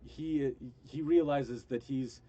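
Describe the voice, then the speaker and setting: A man narrating a tabletop game as game master, halting with many restarts, over an online voice call. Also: medium pitch, fairly even intonation, mellow, lo-fi sound.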